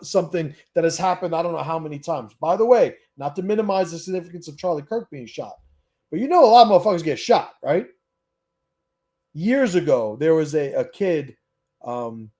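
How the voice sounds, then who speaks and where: A man's voice: a little high, dark tone. Blunt, profane man hosting a stream. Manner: blunt, profane and emphatic, with repeated restarts. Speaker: host. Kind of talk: livestream Q&A monologue.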